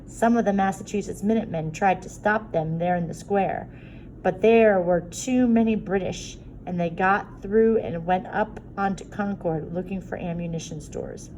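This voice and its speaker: A woman reading a story aloud, voicing an excited young male soldier in a raised, eager voice. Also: mid-range voice, moderate pace, slight background noise, lightly acted, poor audio.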